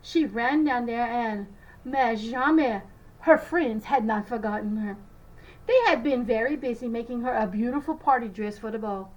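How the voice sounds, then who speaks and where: A woman teacher reading a picture book aloud to children, expressive and sometimes stumbling over French words. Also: on the high side, normal speed, dull audio.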